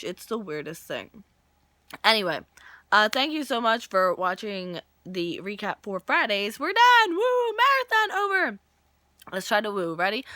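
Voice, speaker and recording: A woman in her twenties with a voice on the low side recaps a soap opera episode casually, animated and joking as she acts out the characters' lines. She's losing her voice, and the recording is dry.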